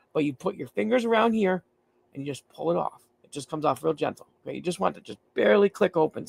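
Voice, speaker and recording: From a dim room at home, a man live-streams a step-by-step mycology lab safety demo. His voice is high and creaky with no echo, and his casual delivery is blunt and repetitive, with the occasional swear.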